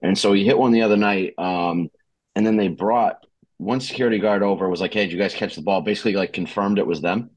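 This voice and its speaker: A man's voice: lowish voice, quick pace. A man with a Boston accent hosting a sports podcast, telling rambling, profane stories in casual chat. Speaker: podcast host.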